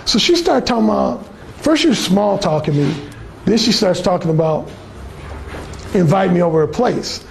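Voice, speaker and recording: Brash dude with a high, gravelly voice cussing through stories, faint hiss behind. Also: male voice, expressive, moderate pace, pauses often. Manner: bold, blunt, swaggering, lots of cursing. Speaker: dating coach speaking to a class. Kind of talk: profane storytelling lecture.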